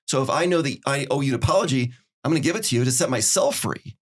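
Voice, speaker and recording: Middle-aged male podcast host, rapid delivery, earnest advice-giver who acts out dialogue. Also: medium pitch, expressive. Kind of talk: casual advice chat.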